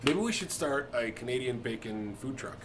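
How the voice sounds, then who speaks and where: A man's voice: medium pitch, lively intonation, normal speed, background noise. Joking, rambling man on a music podcast. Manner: joking, rambling, laughs often. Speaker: co-host. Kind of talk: casual chat.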